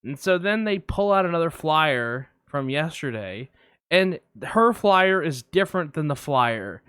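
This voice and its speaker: A man's voice: fairly high pitch, sing-song, unhurried, fairly bright tone, clean tone, no echo. A man co-hosting a casual podcast, telling a long rambling story with lots of fillers on a close mic. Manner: rambling anecdote, many fillers. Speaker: podcast co-host. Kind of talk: casual film podcast chat.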